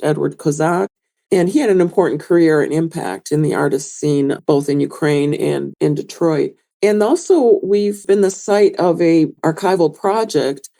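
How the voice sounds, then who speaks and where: Middle-aged woman, museum director, podcast guest; low pitch, conversational, tells stories. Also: gravelly, mellow. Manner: conversational, explains at length with anecdotes. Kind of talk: podcast interview.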